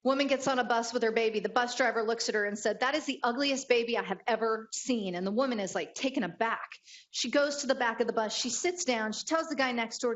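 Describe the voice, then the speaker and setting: A woman's voice: on the high side, quick pace, muffled recording. A woman giving a motivational leadership talk, telling stories and acting out the people in them. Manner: animated storyteller acting out quotes. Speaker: keynote speaker.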